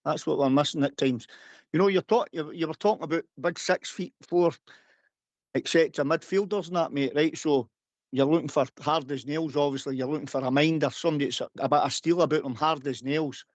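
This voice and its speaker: A man's voice: a little high, a little fast, no echo. A man calling into a live radio phone-in, matey and chatty, calling the others mate and buddy. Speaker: caller.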